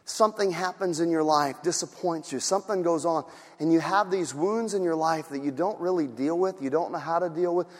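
A man preaching a sermon as pastor. He moves between quiet, soft talk and loud, shouted passages, and acts out the voices in his stories. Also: a little high, brisk, in a large hall.

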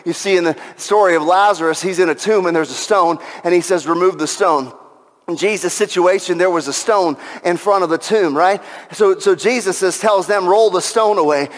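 A man with a high voice preaches from the pulpit of a church. He builds fervently and repeats his key lines for emphasis. The sound rings with the long reverb of a large hall. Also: moderate pace. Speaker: pastor. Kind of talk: Easter sermon.

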